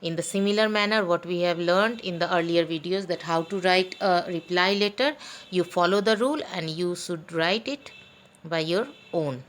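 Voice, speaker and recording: A woman teaching an online class for young pupils, talking deliberately, spelling out letters and pausing with fillers. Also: fairly low pitch, a little hiss or hum. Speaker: school teacher.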